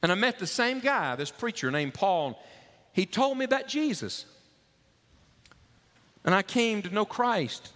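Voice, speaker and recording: A male preacher voicing a humble, ashamed runaway slave who speaks quietly and softly. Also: sits high, lively intonation, unhurried, long pauses, in a large hall, voice pushed up. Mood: earnest. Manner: quiet, humble, soft-spoken.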